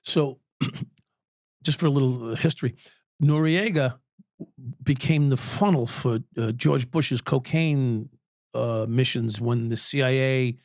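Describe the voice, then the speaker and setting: A man, telling profane, animated stories as an interview guest and at times breaking into shouts. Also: medium pitch, dry recording, clean studio sound. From United States. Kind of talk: storytelling interview.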